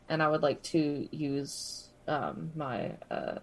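A woman playing a tabletop role-playing game, talking hesitantly with many pauses and restarts. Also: low-pitched, sing-song. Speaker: player. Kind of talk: casual tabletop role-play.

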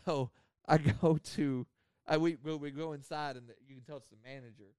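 A man's voice: a little high, fairly even intonation, brisk, a little mellow, clear, resonant tone, no echo, studio quality. A man, telling a rambling story on a podcast with lots of laughter. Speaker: podcast host. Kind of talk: casual storytelling.

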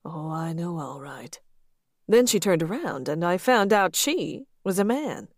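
A woman's voice: fairly low pitch, very animated, measured pace, no room sound, studio quality. A woman reading the part of a bold married man who coaxes and teases his partner in an audiobook. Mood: coaxing.

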